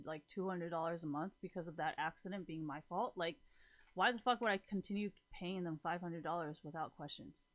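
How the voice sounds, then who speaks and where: A woman's voice: on the low side, fairly bright tone. A young woman in her twenties venting frankly to her viewers, profane and exasperated, rambling and correcting herself. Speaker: vlogger. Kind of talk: casual venting monologue.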